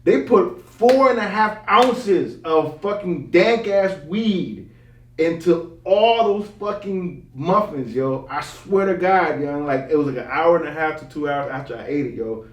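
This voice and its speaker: A young man telling a story in casual chat with friends. He is animated and slangy, swears a lot and laughs as he talks. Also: a little high, measured pace. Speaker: podcast co-host. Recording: echoey room, mic at a distance.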